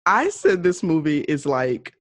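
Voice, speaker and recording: A woman's voice: a little slow, no room sound, clean studio sound. A woman co-hosting a podcast, joking and acting out her own reactions while reviewing a movie. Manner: expressive, jokey, leaps up in pitch when acting out reactions. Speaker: podcast co-host. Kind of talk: casual movie review chat.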